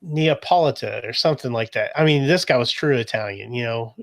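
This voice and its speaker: A young adult man co-hosting a casual podcast, excitable and chatty, calling his friend dude and man. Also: mid-range voice, fast, dry recording, studio quality. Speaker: podcast co-host. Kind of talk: casual chat.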